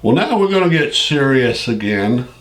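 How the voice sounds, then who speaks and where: A man in his seventies, a veteran telling an old story in a folksy, unhurried way and chuckling often between phrases. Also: medium pitch, sing-song. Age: 70s. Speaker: Vietnam veteran recounting his service. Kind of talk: casual spoken storytelling.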